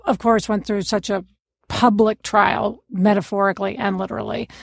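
A woman co-hosting a podcast, upbeat and chatty, introducing and questioning her guest with a gravelly fry in her voice. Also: on the high side, no room sound, studio quality. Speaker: podcast co-host. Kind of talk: casual interview chat.

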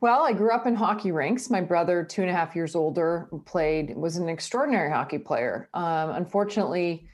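A Canadian woman who reports on sports talks in a relaxed interview, her voice sitting a little low. She tells her stories with energy and laughs often as she goes. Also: fairly quick, hardly any pauses. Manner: lively storyteller, laughs often. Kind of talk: casual interview chat.

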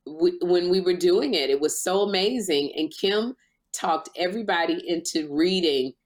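A woman hosting a podcast, joking and telling stories quickly and playfully. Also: lowish voice. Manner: playful, quick, jokey storytelling. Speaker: podcast host. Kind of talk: casual chat.

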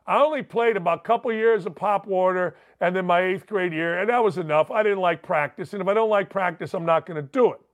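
A middle-aged man hosting a sports talk show, brashly reading listener emails and telling stories with loud gusto. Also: sits high, brisk, few pauses. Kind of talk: sports talk radio monologue.

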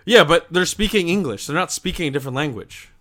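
Male podcast co-host, bright and forceful tone, blunt and argumentative in casual chat. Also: on the high side, animated, fast. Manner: blunt, argumentative, laughs at own jokes.

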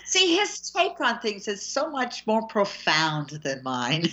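A woman hosting a casual talk show, chatty and animated, laughing often between points. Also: mid-range voice, slow pace. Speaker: host. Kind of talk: casual chat. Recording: dull lo-fi sound.

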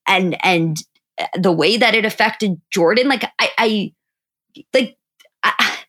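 A woman's voice: mid-range voice, slow, a bit bright. A woman co-hosting a podcast, talking casually and hesitantly, stopping and restarting as she thinks aloud. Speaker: podcast co-host. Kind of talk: casual chat.

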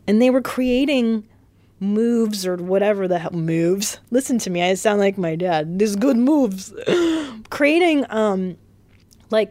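A woman's voice: medium pitch, a little mellow, dry recording. A woman hosting a casual solo podcast, talking in a rambling, chatty way with loose fillers, restarts and the odd swear word. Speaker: podcast host. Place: hotel room.

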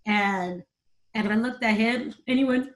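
An interview guest, a middle-aged American woman, tells candid personal stories at a measured pace in a voice on the high side. Her manner is earnest and emotional, and she laughs easily.

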